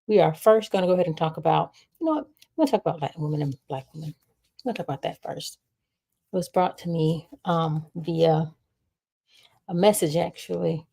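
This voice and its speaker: A woman's voice: deep voice, a little fast, gravelly, dark tone, husky. A young woman hosting a livestream, chatting casually with viewers and reading their comments aloud. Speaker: livestream host.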